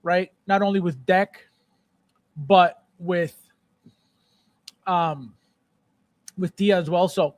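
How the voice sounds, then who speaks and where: A man hosting a casual live stream, chatting with viewers, repeating phrases and breaking into playful shouted bits. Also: sits high, slow, pauses often, no echo. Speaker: livestream host. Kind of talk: casual live chat reading viewer comments.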